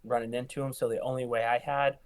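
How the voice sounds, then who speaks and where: Young guy, er nurse on a podcast, tells stories lively, mid voice, does the voices of people he quotes. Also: quick pace, clean tone. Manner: animated, acts out quoted lines with rising pitch. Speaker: ER nurse guest. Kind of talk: casual storytelling.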